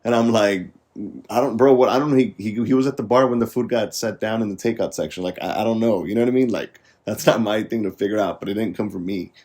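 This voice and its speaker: A man's voice: on the low side, fast, hardly any pauses, a little mellow. A man co-hosting a podcast, telling stories in a laid-back casual way, full of slang and fillers. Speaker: podcast co-host. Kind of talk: casual chat.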